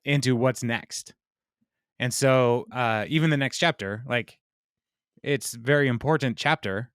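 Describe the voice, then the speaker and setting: A man's voice: medium pitch, unhurried, a bit bright, clean tone, no echo. Rambling joking man, dry close sound. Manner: rambling, joking, trails off mid-thought. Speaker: podcast co-host. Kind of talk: casual book chat.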